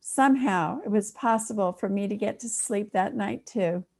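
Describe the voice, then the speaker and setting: An older woman, a minister, delivering a sermon as an expressive storyteller who pauses for effect. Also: medium pitch, creaky.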